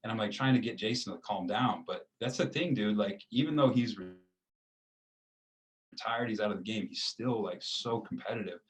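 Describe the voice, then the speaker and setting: A low-pitched American man in his thirties tells a story in a loose, easygoing way. He wanders through his sentences with plenty of fillers, like a guest chatting with a host. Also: moderate pace, poor audio. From United States. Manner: relaxed, rambling with many fillers. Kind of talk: casual storytelling interview.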